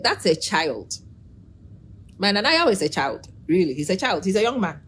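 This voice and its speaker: A middle-aged woman giving a casual, animated opinion monologue, preachy and teasing, calling out to viewers by name. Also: lowish voice, moderate pace, slight background noise. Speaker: vlogger.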